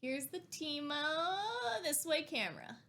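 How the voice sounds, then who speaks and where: A young woman streamer chatting excitedly while unboxing, gushing and talkative. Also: high voice, slow, a little hiss or hum.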